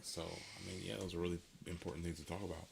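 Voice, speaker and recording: A man's voice: sits low, little pitch movement, fast, vocal fry, a little hiss or hum. A man co-hosting a casual poetry talk, rambling with many fillers and restarts and laughing easily. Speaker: podcast co-host. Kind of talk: casual conversation.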